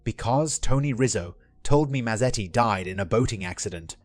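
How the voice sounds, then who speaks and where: A man's voice: on the low side, animated, normal speed, no room sound. A man reading the lines of an earnest, joking middle-aged husband in a dry, plain voice.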